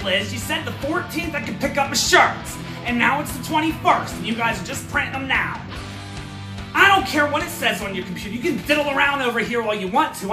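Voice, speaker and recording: A performer voicing a short-tempered, foul-mouthed elderly grandmother who gripes gruffly and curses through a comedy sketch. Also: mid-range voice, sharp tone. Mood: irritated, complaining. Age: older. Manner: gruff, cursing, complaining. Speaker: comedy character host.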